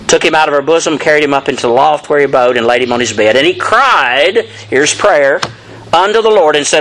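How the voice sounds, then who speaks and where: A man's voice: a little high, expressive, brisk, bright, forceful tone, slight background noise, poor audio. A man preaching an expository sermon, reading scripture dramatically and addressing the congregation directly. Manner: emphatic rising lines, addresses congregation directly.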